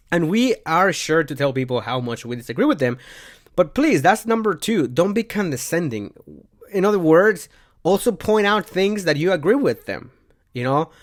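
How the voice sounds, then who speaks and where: Young male vlogger, slightly high voice, animated and repetitive casual advice delivery. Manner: animated, repeats himself, shifts pitch and volume often. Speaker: self-help vlogger.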